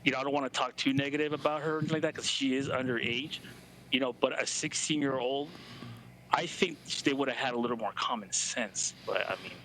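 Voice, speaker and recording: A man on a casual reaction show with a bright, forceful voice and a faint hiss of background noise. He speaks hesitantly and restarts his sentences, and his voice falls to a whisper when the subject upsets him. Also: medium pitch, a little fast, low-quality recording. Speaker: co-host guest.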